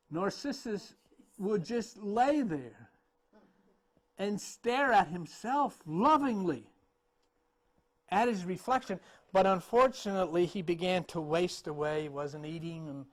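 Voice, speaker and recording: A man retelling a myth in a loose, chatty way while pointing to paintings, with frequent restarts and small laughs. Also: fairly high pitch. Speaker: speaker telling a myth about paintings. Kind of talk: casual storytelling talk.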